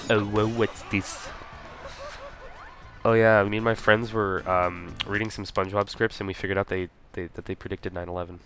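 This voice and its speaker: A man's voice: deep voice, level tone, quick pace, few pauses, a bit bright, faint music behind. A man casually commenting on his own speedrun, rambling with lots of "like" and "um". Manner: rambling, full of "like" and "um".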